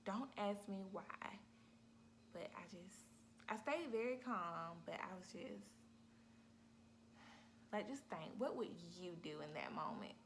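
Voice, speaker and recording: A woman vlogger telling a story in a casual, animated way, talking straight to her viewers. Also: mid-range voice, slow pace, long pauses, slight background noise. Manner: animated, talks straight to viewers, acts out her own cries.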